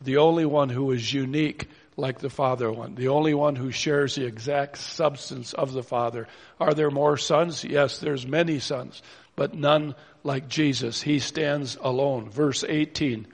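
Gravelly-voiced man preaching in a reverberant hall. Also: medium pitch, a little slow. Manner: teaching, steady and explanatory, reads verses aloud. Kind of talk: sermon. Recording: long reverb of a church hall.

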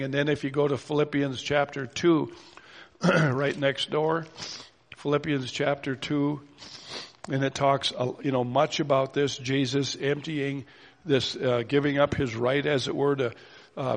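A man preaching a sermon in a steady, explanatory way, stopping now and then to read verses aloud. His voice has a gravelly, fry-edged grain at a middle pitch. The sound hangs in the long reverb of a church hall.

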